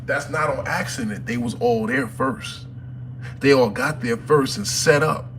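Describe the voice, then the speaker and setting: A man from Harlem, hosting a phone livestream from home and telling a story in an animated, profane way that swings from loud to hushed. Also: mid-range voice, a little slow, slight background noise. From Harlem, New York.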